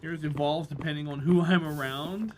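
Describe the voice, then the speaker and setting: A man's voice: fairly high pitch, steady tone, normal speed, background noise. A man streaming a game live, chatting to his viewers in a rambling, easygoing way and laughing easily. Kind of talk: casual live-stream chat while gaming.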